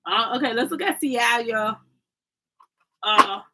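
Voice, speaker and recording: Here a woman with a higher voice speaks slowly against a noisy background. It's a chatty, meandering oracle card livestream where she keeps saying "right?", addresses viewers as "family," and fumbles names.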